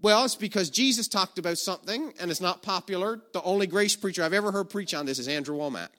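A man preaches a sermon through an animated story, talking fast, shouting the quoted commands and dropping low for asides.

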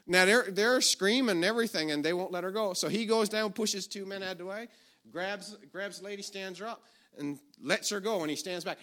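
A man preaching a sermon, telling a story with animated energy, shouting the quoted commands and dropping low for asides. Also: brisk.

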